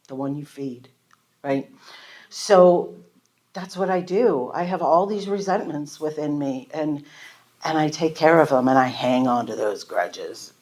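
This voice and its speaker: A woman's voice: low voice, darkish tone. A woman giving a candid, self-deprecating personal recovery testimony to a live audience in a meeting room, telling her story and acting out the conversations in it.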